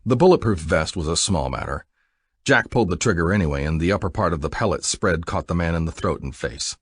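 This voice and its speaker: A man giving an expressive, dramatic audiobook narration. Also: low-pitched, fairly quick, slightly rough, no echo, studio quality.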